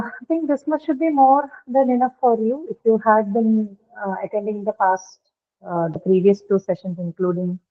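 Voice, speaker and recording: A woman teacher leads a live online lesson, pausing often on filler sounds and checking that her students follow. Her voice sits at an ordinary middle pitch. It comes through a narrow, phone-like line. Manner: halting, many filler sounds, patient and checking in. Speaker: English teacher. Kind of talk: live online class on pronunciation.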